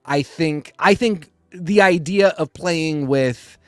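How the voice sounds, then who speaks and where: A man co-hosting a casual podcast, talking in a rambling, animated way with quick asides. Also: a little high, dry recording, soft background music. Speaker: podcast co-host. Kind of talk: casual comics discussion.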